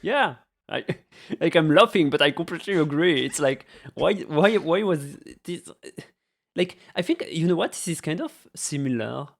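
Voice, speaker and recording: A man's voice: fairly high pitch, expressive, moderate pace, gravelly. A young man co-hosting a podcast in casual chat, laughing easily, hesitant, often trailing off mid-thought. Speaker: podcast co-host.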